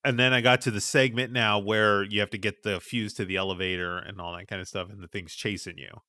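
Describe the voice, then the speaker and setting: A man with a bright, forceful voice sits a little low in pitch, chatting about games in a casual, animated way. He swears freely and builds his story with little pauses. The sound is dry and close. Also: no room sound. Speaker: podcast host. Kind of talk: casual gaming chat.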